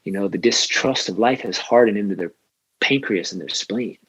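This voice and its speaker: Brief: male guest coach, low husky voice, earnest and emphatic delivery. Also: fairly bright tone, no room sound, rough recording. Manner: earnest, spiritual, slow and emphatic. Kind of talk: casual conversation.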